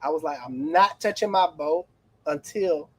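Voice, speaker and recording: A middle-aged man who runs an auto repair shop, chatting on a livestream as an animated, rambling storyteller with playful exclamations. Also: fairly high pitch, normal speed, husky, no room sound, low-quality recording. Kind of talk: casual livestream chat.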